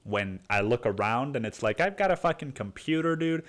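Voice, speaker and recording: A man's voice: mid-range voice, lively intonation, normal speed. A male podcast host rants on his own into a microphone in a mid-range voice. He rambles and swears freely, and he drops "dude" into nearly every sentence. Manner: profane, rambling, says "dude" constantly. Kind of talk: solo rant podcast.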